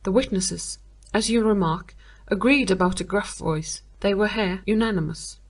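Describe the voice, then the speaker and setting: Woman reading a male detective, cool, analytical, measured, detached, storybook reading. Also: medium pitch, lightly acted. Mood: reasoning. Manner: measured, reasoning.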